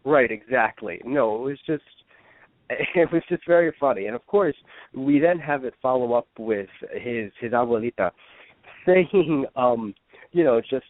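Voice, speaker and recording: A man's voice: medium pitch, a little slow, dry recording. A man co-hosting a casual radio podcast, chatting in a loose, rambling way. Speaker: podcast co-host. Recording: dry phone-line sound.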